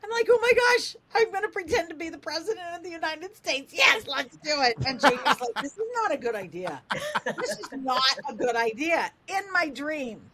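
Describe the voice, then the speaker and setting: An older woman radio host telling a funny story, lively and animated, acting out the voices in it. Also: moderate pace, crowd noise. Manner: lively, acts out quoted voices with big pitch jumps.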